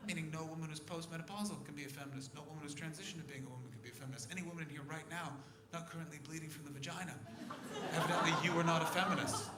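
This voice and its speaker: A male stand-up comedian on a comedy club stage, talking brashly and profanely and breaking into loud shouts. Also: a little high. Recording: echoey club room with audience noise.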